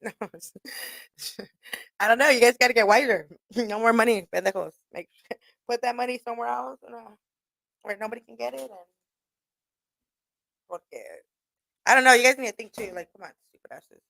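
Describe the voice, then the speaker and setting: A woman's voice: fairly high pitch, brisk, gravelly, pauses often, pushed and bright, no room sound. A woman radio host, talking in a blunt, profane, casual monologue and laughing often. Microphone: studio mic.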